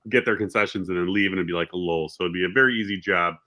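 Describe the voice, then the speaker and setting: Bright-toned man rambling through a story. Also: sits low, rapid-fire. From Michigan. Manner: rambling, self-interrupting. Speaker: stream co-host. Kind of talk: casual storytelling.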